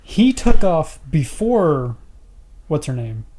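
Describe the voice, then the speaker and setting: A man's voice: fairly high pitch, big pitch swings, takes it slowly, warm tone, a little hiss or hum. A man co-hosting a podcast, casually questioning a movie's plot holes and laughing easily. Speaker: podcast co-host.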